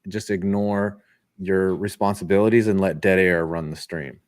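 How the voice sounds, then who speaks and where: A young man hosting a casual stream, calling baseball play by play in an animated way and often restarting his sentences. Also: sits low, moderate pace. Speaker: host calling a live game.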